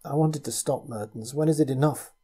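A man's voice: mid-range voice, fairly quick, dark tone, husky, pitched above the performer's own voice, close to an everyday voice. A man voicing a desperate adult man cursed to turn things to gold, speaking in a strained, pleading way.

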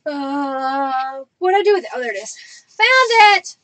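A woman's voice: sits high, big pitch swings, measured pace, bright, forceful tone, a little hiss or hum. A middle-aged woman hosting a live crafting stream, chatting with viewers as she works and laughing often. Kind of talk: casual live-stream chat.

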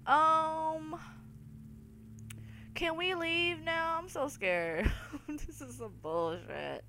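Jumpy and prone to swearing, a woman plays through a horror game for her viewers, calling them y'all and crying out loudly when scared. Her high voice moves very slowly, with slight background noise in the clip.

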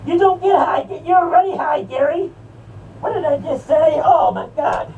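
A woman voicing a sneering male horror character in an improvised rant, taunting and mocking with sudden shouts and cackles, recorded on a distant mic with faint noise. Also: sits high, normal speed, vocal fry, highs cut off.

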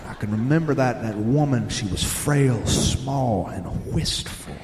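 A man, telling plainspoken, gently humorous stories live on a theater stage. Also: mid-range voice, unhurried, noisy background. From Southern United States. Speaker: storyteller and radio host. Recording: echoey live theater with long reverb.

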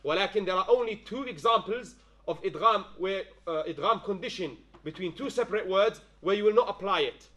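A man with a high voice teaches a tajweed class in a classroom. He quizzes the room as he goes and keeps checking that the students follow. Arabic phrases run through his English. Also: a little fast, hardly any pauses, bright, forceful tone. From London-based. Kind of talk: classroom lesson.

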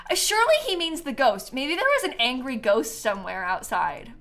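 A young adult woman chatting casually on a live stream, animated and prone to breaking into laughter. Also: high-pitched, normal speed, faint music behind.

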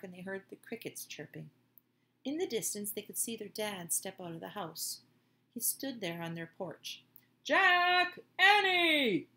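A woman reading a children's book aloud in a gentle, expressive way. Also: medium pitch. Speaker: storyteller.

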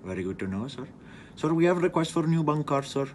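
A man playing a fast-talking bank call agent with an Indian accent, over-polite and spouting garbled jargon. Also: fairly high pitch, very animated, a little mellow, a little hiss or hum. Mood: eager pitch. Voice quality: rapid gibberish jargon, over-polite "sir" every line. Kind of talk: comedic phone prank skit.

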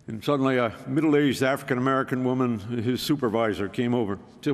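Male speaker, mid-pitch, folksy and self-deprecating, in a long-reverb hall. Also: fast talker, few pauses. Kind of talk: storytelling talk.

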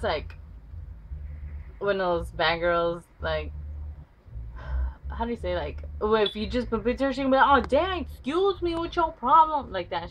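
A woman vlogger casually tells a story about school, rambling with many fillers like "like" and swearing freely. Her voice is medium-pitched and fairly bright, and the recording is slightly dull with faint noise.

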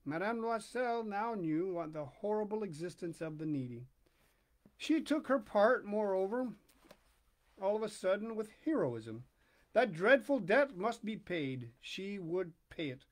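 Man slowly reading a classic story. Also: sits high, very animated. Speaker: host and story reader.

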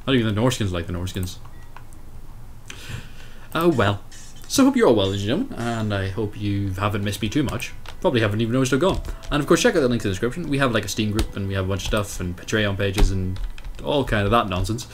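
A young man casually commentating his strategy game, animated, self-mocking and swearing at the game as he plays. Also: on the low side, quick pace, a little hiss or hum. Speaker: let's play host.

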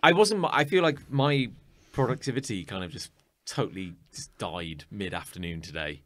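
A man co-hosting a podcast, talking in casual banter and slipping into quick mock dialogues. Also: lowish voice. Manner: animated, slips into mock dialogues. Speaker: podcast co-host.

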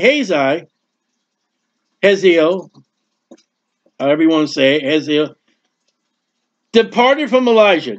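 A man teaching a Bible passage verse by verse, emphatic and repetitive, with conversational asides and quick jokes. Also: high voice. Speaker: preacher. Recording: dull lo-fi recording.

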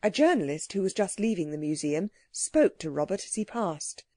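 Mellow woman reading a children's audiobook. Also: fairly low pitch, normal speed, dry recording, studio quality. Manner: clear, expressive storytelling. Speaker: audiobook narrator.

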